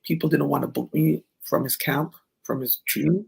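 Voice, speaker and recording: Woman, middle-aged, interview guest, heavy vocal fry, very husky, animated storyteller, acts out quotes. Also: low voice, normal speed. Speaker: interview guest, former runway model. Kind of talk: casual storytelling chat.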